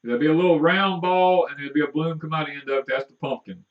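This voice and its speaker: A man rambles in a folksy way through gardening talk on a homestead live stream, stumbling over fillers as he goes. His voice sits a little high for a man. He is picked up from a distance, and the sound is dull and muffled. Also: rapid-fire. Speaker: homestead livestream co-host. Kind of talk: casual live-stream chat.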